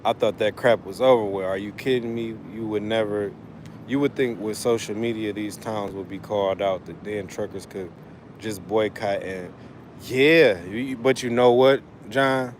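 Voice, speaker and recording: A trucker and father of school-age kids hosts a casual livestream in a lowish voice at a moderate pace, with a little hiss or hum. He talks loosely and emphatically, rambling and cussing a lot.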